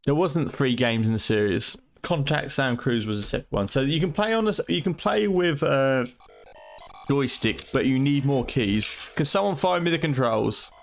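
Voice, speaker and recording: Gravelly Fenland man rambling on a stream. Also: medium pitch, animated, moderate pace, soft background music. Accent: Fenland English. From Fenland, England. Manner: rambling, swearing, loose and tipsy. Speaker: retro game streamer. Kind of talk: late-night live stream chat.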